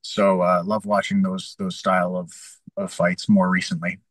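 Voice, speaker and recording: A man's voice: sits low, little pitch movement, normal speed, dry recording, poor audio. A young adult man from Canada, a fighter and coach, telling a story in a casual interview and acting out his own past lines with energy.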